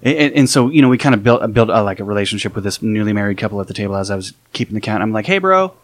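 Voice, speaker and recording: A man's voice: lowish voice, rapid-fire, dry recording. Man telling rambling stories, dry sound. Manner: animated, rambling, repeats words. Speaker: guest card counter. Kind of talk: casual storytelling.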